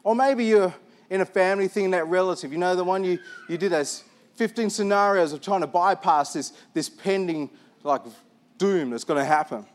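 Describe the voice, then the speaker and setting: A male pastor preaching a sermon to his church, animated and self-deprecating as he tells stories about himself. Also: high-pitched, normal speed.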